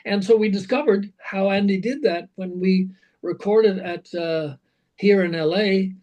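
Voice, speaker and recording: A man, a rock singer being interviewed, telling animated anecdotes full of fillers and restarts. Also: high voice, a little slow, highs cut off. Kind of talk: casual interview storytelling.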